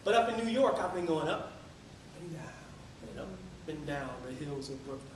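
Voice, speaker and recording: A man telling a marathon story as a lively motivational speech at a club meeting. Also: on the high side, normal speed. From Tampa area. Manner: energetic storytelling, sings a few lines. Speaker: public speaker. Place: meeting room. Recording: echoey room from far off, faint noise.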